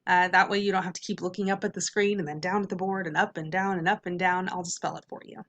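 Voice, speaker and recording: A woman teacher leading a phonics lesson for kids, patiently drilling the vowels and slowly sounding out syllables. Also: fairly low pitch, steady tone, a bit bright, highs cut off. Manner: patient, repetitive classroom drills.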